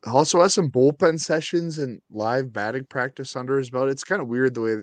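A man's voice: medium pitch, fairly quick, dry recording. A man co-hosting a podcast, chatting casually in a laid-back way with stumbling restarts. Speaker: podcast co-host. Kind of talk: casual sports chat.

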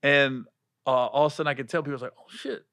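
A man telling stories in a casual chat, animated and laughing, acting out other people's voices. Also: medium pitch, racing, no echo, clean studio sound. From Cincinnati area. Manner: animated, acts out quoted voices, swears, laughs often.

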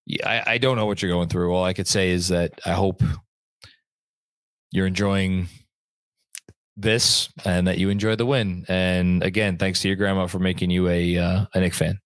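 A man's voice: sits low, fairly even intonation, normal speed, no room sound. Chatty man hosting a sports stream. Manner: rambling, frequent restarts and swearing, chatty. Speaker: sports podcast host reading viewer comments. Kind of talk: casual live-stream chat. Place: home room at a computer.

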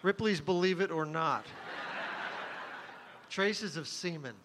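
A middle-aged man working a comedy stage with deadpan, offhand timing and crude punchlines. His voice sits a bit high for a man. Clear background noise from the live room sits under him. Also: slow pace. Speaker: stand-up comedian. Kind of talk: stand-up comedy set.

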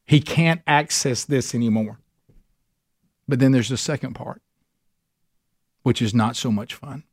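A man teaching a men's Bible study, preaching emphatically, slowing down to stress points and speeding up when fired up. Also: lowish voice, a little mellow, no echo, clean studio sound.

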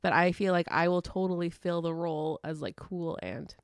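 A woman co-hosting a podcast in casual chat, bubbly and excitable, often trailing off. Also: lowish voice, moderate pace, smooth, no echo, clean studio sound. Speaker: podcast co-host.

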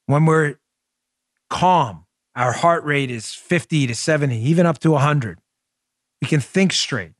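A man in his forties with a Queens, New York accent, hosting a political commentary podcast in an emphatic, loud manner full of rhetorical questions. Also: a little high, a little slow, no echo, clean studio sound. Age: 40s. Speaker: podcast host. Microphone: studio microphone.

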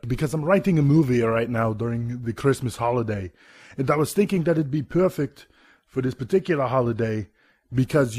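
A man's voice: mid-range voice, darkish tone, no echo, studio quality, close to an everyday voice. A man doing a comic impression of a self-important Austrian action-star governor, boasting in a thick put-on Austrian accent. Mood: boastful. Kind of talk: comedy sketch monologue.

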